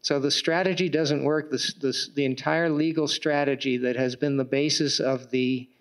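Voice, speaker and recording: Man at a debate, smooth clear voice, pretty monotone, measured w/ some uh's. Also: mid-range voice. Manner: measured, with fillers and repeated words. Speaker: political candidate in a debate. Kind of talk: public debate argument. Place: public meeting room with audience.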